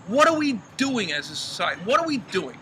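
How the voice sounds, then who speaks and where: Ranting man, lively pitch, outdoor noise. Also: fairly quick. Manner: heated, profane ranting. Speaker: podcast co-host. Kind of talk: casual chat. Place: outdoors in a backyard. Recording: clear outdoor background noise.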